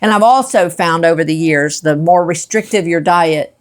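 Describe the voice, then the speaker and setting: A middle-aged woman hosting a casual chat, enthusiastic and quick to chime in. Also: on the low side. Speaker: host, his mother.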